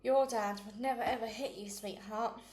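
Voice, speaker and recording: A woman reading as a gentle, anxious mother. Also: on the high side, steady tone, normal speed, close to an everyday voice. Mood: soothing. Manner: soothing, coaxing, forced cheer. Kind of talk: storybook read-aloud. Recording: roomy echo.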